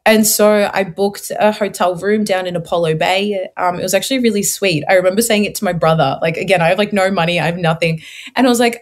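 A young woman from Australia, a guest sharing her faith story in an earnest, expressive way, with many fillers. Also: medium pitch, fast. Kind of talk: testimony interview.

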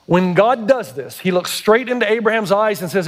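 A man preaching from the pulpit in a notably high voice. He drives his points home with emphasis and keeps turning to the congregation with direct questions. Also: normal speed, hardly any pauses. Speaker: pastor. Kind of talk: sermon.

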